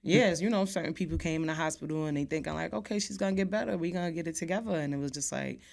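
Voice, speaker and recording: A woman who is a podcast guest, telling a personal story in a casual way, acting out what people said and often trailing off softly. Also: deep voice, rapid-fire, vocal fry.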